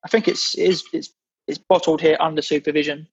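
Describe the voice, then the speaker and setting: A man's voice: fairly high pitch, steady tone, quick pace, gravelly, husky, muffled recording. A man from England, a podcast guest in casual chat, blunt and swearing, with many restarts as he grumbles.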